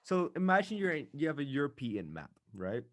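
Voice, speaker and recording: A young man hosting a podcast in casual chat, ranting animatedly with quick asides. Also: a little high, sing-song, no room sound. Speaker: podcast host.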